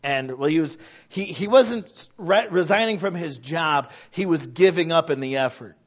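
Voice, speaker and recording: A man preaching a sermon in a church, animated and quick to laugh as he talks to the congregation. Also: fairly high pitch, lo-fi sound. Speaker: pastor.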